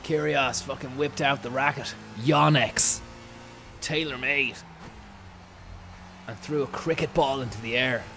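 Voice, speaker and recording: A young man, a comedian streamer, telling an absurd story in a deadpan, rambling, sweary way. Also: medium pitch, measured pace, pauses often, faint music behind.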